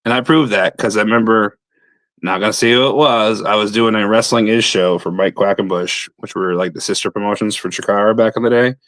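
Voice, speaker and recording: A man's voice: lowish voice, fairly even intonation, fairly quick, fairly bright tone, no room sound. A man, a pro wrestler guest, telling a blunt, profane story in casual talk.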